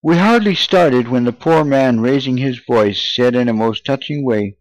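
Brief: male audiobook narrator, measured and earnest, mid-range pitch, dry close sound. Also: dry recording, low-quality recording. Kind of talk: audiobook reading of a memoir.

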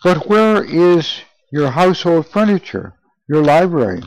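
A man voicing a gruff, indignant, infirm old male priest in an audiobook reading. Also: on the high side, sing-song, a little slow, darkish tone, no room sound, voice pushed up, poor audio. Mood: softened.

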